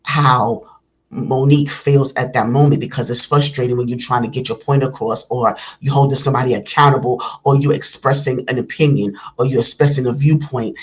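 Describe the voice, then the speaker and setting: A man's voice: mid-range voice, steady tone, a little fast. Earnest man with a carrying voice. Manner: earnest, rambling, many restarts and fillers; voice carries and rises when talking. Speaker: reaction video host. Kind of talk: casual reaction commentary.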